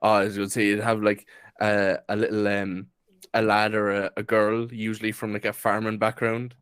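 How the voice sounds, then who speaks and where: A man's voice: on the low side, little pitch movement, moderate pace, a bit bright, smooth, no room sound. A young man co-hosting a podcast, laid-back with dry humor. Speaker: podcast co-host. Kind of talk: casual chat.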